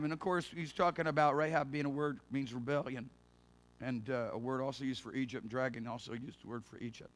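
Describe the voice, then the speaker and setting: A male pastor preaching a sermon, repeating his points, laughing and saying hallelujah, and rising to loud fervent cries of prayer. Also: medium pitch, fairly even intonation, fast talker.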